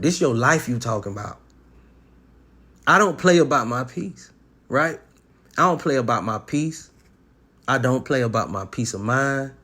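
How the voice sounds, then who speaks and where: A man's voice: mid-range voice, fairly bright tone. A man giving blunt relationship advice in a casual monologue, talking in slang with sports analogies and acting out quotes. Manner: profane, streetwise slang.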